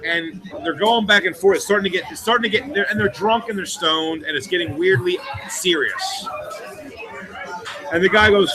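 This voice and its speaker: A man with a high, light voice tells a long story in a sit-down interview. He swears freely and often restarts his sentences. A crowd murmurs steadily behind him. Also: moderate pace, low-quality recording. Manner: profane, rambling, with restarts. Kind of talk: anecdotal storytelling in a documentary interview.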